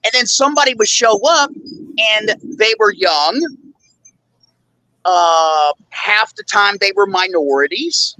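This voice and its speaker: A man's voice: high voice, slow, pushed and bright, no room sound, rough recording. A male host telling a rambling, indignant story in a casual chat, full of fillers. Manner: blunt and indignant. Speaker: show host.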